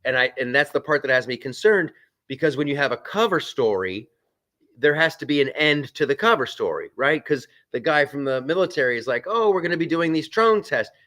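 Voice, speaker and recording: A male host chats loosely on a live stream, reading viewer comments aloud and drifting between topics. His delivery is rambling and conversational, full of restarts and offhand asides. His voice sits at an ordinary middle pitch for a man. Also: a little fast, bright, forceful tone. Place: on a film set.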